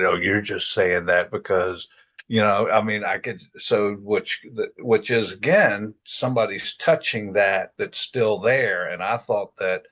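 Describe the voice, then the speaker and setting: A man in a reflective casual chat, speaking haltingly and restarting often as he searches for words. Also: fairly low pitch, fairly bright tone, muffled recording. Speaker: self-inquiry group member. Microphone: video call.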